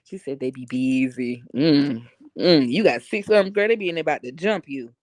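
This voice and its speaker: A woman's voice: a bass voice, normal speed, darkish tone, no echo. A woman from Harlem with a New York accent tinged with Southern drawl, chatting bluntly on a livestream, joking and laughing often. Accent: New York with some Southern drawl. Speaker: livestream host reading chat comments. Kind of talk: casual livestream chat. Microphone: phone.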